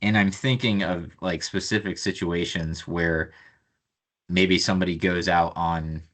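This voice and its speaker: Male board member, very low voice, measured and careful, meeting discussion. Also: steady tone, a bit bright. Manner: careful, measured, raising concerns.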